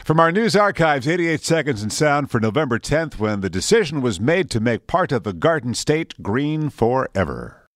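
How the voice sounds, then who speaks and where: A man in his fifties reading the radio morning news as anchor, brisk and a little wry. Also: mid-range voice, big pitch swings, dry recording. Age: 50s.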